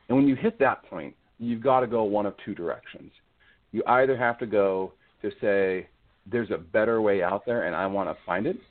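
A man as an interview guest, talking about faith in an earnest, reflective way. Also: fairly low pitch. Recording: tinny phone-like line.

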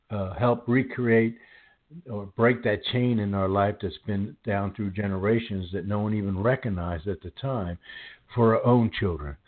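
A man in his sixties hosting a faith conversation, talking casually and often repeating words as he goes. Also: mid-range voice. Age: 60s. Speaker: host. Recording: phone-like audio.

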